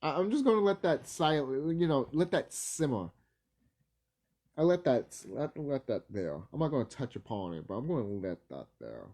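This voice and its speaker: Rambling, profane man with a lively voice. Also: medium pitch, moderate pace. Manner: rambling, profane, laughs easily, stumbles over words. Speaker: video creator. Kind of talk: casual rambling vlog.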